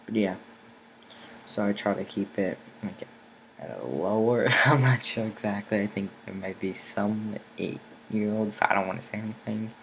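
A teenage boy talking casually over his gameplay. He rambles with lots of fillers and gets excited when fights go well. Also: on the low side, normal speed, gravelly, a little hiss or hum. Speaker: gaming channel host. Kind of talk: casual let's-play commentary.

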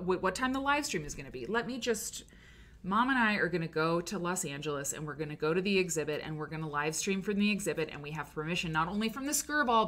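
A woman hosting a live stream show, chatting excitedly and rambling with lots of fillers. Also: mid-range voice. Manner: gushing, animated, rambling with many fillers.

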